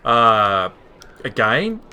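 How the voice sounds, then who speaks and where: A man's voice: mid-range voice, big pitch swings, very slow, noisy background. A man from the UK hosting a game stream, casually teasing his friends over voice chat. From United Kingdom. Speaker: streamer host.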